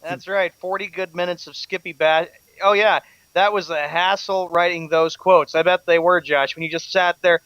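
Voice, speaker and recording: A male sports radio co-host with a high, sharp voice reads out quotes and laughs along with his partner. The sound is dry and a little dull and muffled, and the voice is tense and bright. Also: steady tone, moderate pace, clean tone, no echo. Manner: laughing, feeding lines for rebuttal. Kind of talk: comedic sports talk.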